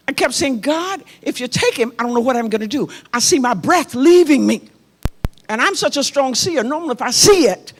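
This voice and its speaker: A middle-aged woman pastor preaching a sermon in a church. She tells a personal story with passion and speaks straight to her congregation. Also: high voice. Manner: impassioned, personal storytelling, addresses the congregation directly. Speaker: pastor and prophet.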